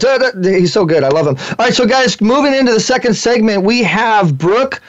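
A young man hosting a radio talk show, gushing and excitable, often stumbling over his words. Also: high voice, moderate pace, few pauses, highs cut off. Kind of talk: fast casual radio chat.

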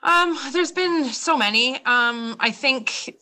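Fast-talking, bright-voiced young woman. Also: high voice. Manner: fast, excitable talker who laughs often. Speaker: radio show host, guest this episode. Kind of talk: casual interview chat.

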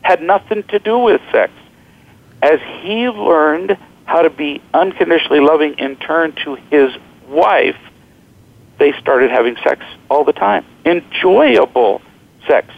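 A middle-aged man, a guest author, telling animated, joking stories in an interview and acting out what people said. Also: fairly high pitch, a little slow, creaky, no room sound, phone-quality sound. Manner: animated, joking, acts out quoted voices. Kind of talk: storytelling interview talk.

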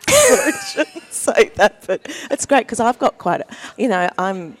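A woman comedian from Australia, with an accent that drifts toward American, chatting as a guest with self-mocking deadpan asides. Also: fairly high pitch, measured pace, soft background music. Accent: Australian with a mixed American sound. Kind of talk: casual comic interview chat. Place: busy event floor.

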